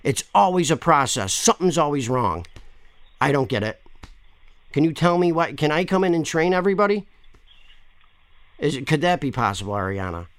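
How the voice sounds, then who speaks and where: A man rambles through a prank phone call, pushy and quick to swear. His voice sits a little high, and the sound is dry and close. He keeps pressing the person on the line. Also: big pitch swings, no echo. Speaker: caller complaining to a store.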